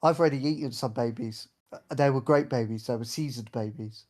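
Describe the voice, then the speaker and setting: A man guesting on a casual podcast who cracks shock-humor jokes in a flat, deadpan way. His voice is mid-pitched. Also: a little fast.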